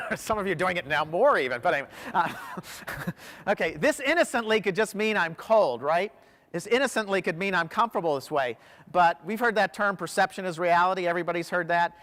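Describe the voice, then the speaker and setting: A man's voice: high-pitched, fairly bright tone. A man giving a motivational keynote to a large audience, telling stories with animation and quizzing the crowd. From United States. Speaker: professional speaker. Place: large hall. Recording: long hall reverb.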